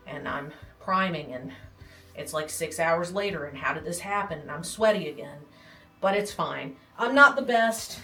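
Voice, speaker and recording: Far from the mic in a small home nursery, a pregnant young woman rambles through a casual, self-deprecating vlog tour, occasionally breathless. Her voice is on the low side with a fairly bright tone, and the roomy audio carries faint music and an air conditioner's hum.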